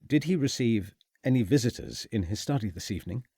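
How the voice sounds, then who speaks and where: A man playing a courteous, measured detective. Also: medium pitch, lively intonation, dark tone, husky, no echo, studio quality. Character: calm, courteous Victorian detective.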